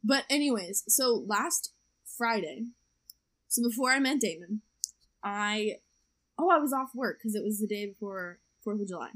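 A woman's voice: medium pitch, lively intonation, moderate pace, a bit bright. A young woman telling a dating story in a casual podcast chat, chatty and laughing often. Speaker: podcast co-host.

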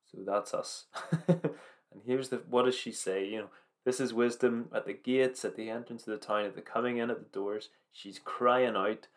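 A man giving an earnest, informal devotional talk, reading scripture aloud with halting restarts and slow emphatic phrases. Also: mid-range voice, steady tone. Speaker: preacher.

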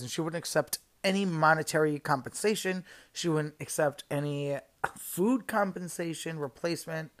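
A man's voice: fairly high pitch, moderate pace. Heated young man ranting with swearing. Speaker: podcast guest recounting a job story. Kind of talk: casual podcast storytelling.

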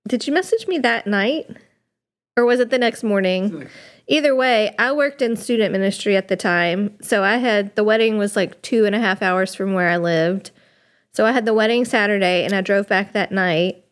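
A woman in casual chat on a podcast, relaxed as she recounts a story. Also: medium pitch, normal speed.

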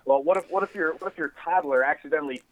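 A man's voice: a little high, quick pace, crowd noise, rough recording. A man co-hosting a podcast in casual chat, ranting with lots of swearing and filler words. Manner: animated, ranting, swears a lot. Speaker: podcast co-host.

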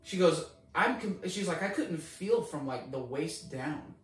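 Animated storyteller man in an echoey room. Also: a little high, measured pace. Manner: acts out both sides of a story with rising excitement. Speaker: guest. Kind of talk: animated storytelling in casual chat. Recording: echoey room, distant mic.

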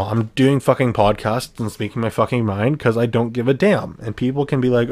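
A man's voice: medium pitch, moderate pace. A young man from Canada hosting his own podcast, ranting bluntly with heavy swearing and frequent restarts. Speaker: podcast host. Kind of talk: solo podcast rant.

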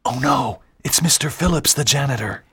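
A woman reading aloud and voicing an eager, clever teenage schoolboy in a lowered, earnest tone. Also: moderate pace, a bit bright, slightly rough, no echo, studio quality, exaggerated voice. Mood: hushed.

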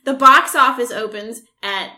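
A young woman co-hosting a casual chat, excitable and swearing as she rushes through her stories. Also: a little high. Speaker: podcast co-host.

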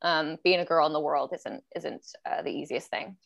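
A woman's voice: sits low, normal speed, vocal fry, dull audio. A woman co-hosting a podcast, talking in a reflective, casual way and laughing often. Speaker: podcast co-host. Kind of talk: casual chat.

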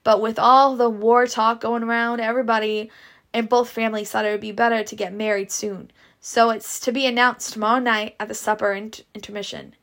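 A woman's voice: a little high, flat delivery, brisk, a bit bright. A woman reading a story aloud and voicing eager young male twin suitors in a boyish, pleading manner.

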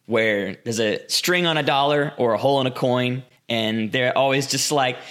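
A man's voice: mid-range voice, normal speed, few pauses, fairly bright tone, smooth. A man co-hosting a podcast, explaining things in a chatty, casual way. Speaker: podcast co-host. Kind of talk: casual chat.

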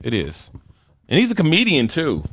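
On a comedy talk podcast, a male co-host reads listener answers aloud and jokes about them with quick reactions in casual comedic chat. His voice is a little high with wildly swooping pitch and a fairly bright tone, captured in a dry, studio-quality recording.

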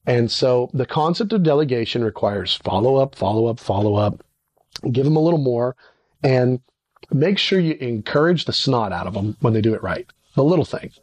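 This middle-aged man, a ministry leader, teaches leadership conversationally at a moderate pace in a recording without echo. Animated throughout, he performs small dialogues marked by abrupt pitch jumps.

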